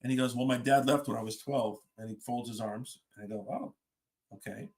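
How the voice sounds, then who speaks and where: A man's voice: mid-range voice, fairly even intonation, fast, a little mellow. A middle-aged man, a fire service leader, telling a story on a podcast and acting out the dialogue as he goes.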